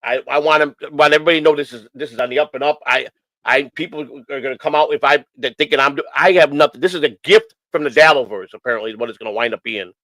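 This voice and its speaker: A man's voice: fairly high pitch, quick pace, fairly bright tone, no room sound, rough recording. Rambling, earnest man talking. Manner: rambling, repeats phrases, many restarts; earnest and emotional. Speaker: host of a morning stream show. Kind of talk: casual rambling talk.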